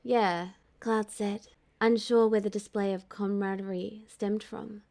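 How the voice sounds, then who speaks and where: A woman narrating a fan-fiction audiobook in a calm, even storytelling manner. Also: medium pitch, a little slow.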